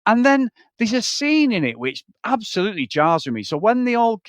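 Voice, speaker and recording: A man's voice: high voice, a little fast, no room sound. A man chatting casually about a film as a podcast co-host, swearing a lot and acting out scenes. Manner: animated, sweary, acts out scenes in quoted voices. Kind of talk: casual film review chat.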